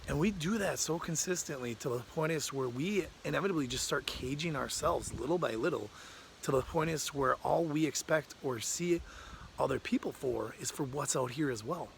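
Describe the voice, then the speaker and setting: A man's voice: on the high side, normal speed, gravelly, a little hiss or hum. A man telling a fable in a casual, conversational way, ending with a moral. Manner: conversational, uses "like" often. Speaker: storyteller.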